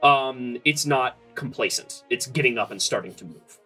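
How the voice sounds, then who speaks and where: Husky-voiced woman game master, rambling. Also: rumbling low, animated, normal speed, bright, forceful tone, faint music behind. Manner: rambling, filler-heavy narration with frequent ums and restarts. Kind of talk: narrating a tabletop game.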